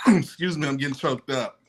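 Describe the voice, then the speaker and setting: A man co-hosting a sports talk show, laying out his picks in a relaxed, playful way. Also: fairly high pitch, moderate pace, noisy background. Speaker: podcast co-host.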